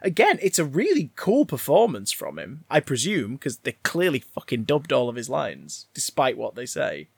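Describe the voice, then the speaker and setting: A man's voice: medium pitch, wildly swooping pitch, moderate pace, vocal fry, hardly any pauses, husky, no echo. A man casually discussing a film, rambling and swearing with frequent restarts.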